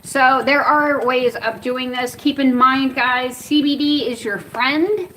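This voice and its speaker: An American woman reviews cannabis products outdoors in Arizona, talking in a chatty, rambling vlog style and getting startled easily. Her high-pitched voice is slow and a bit bright, captured on a distant mic in a rough recording with slight background noise.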